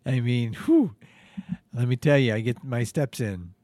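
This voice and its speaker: A man's voice: mid-range voice, a little slow, mellow, no echo. A man hosting a comedy podcast, talking in a dry, theatrical, self-mocking way. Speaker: podcast host. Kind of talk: comedic improvised banter.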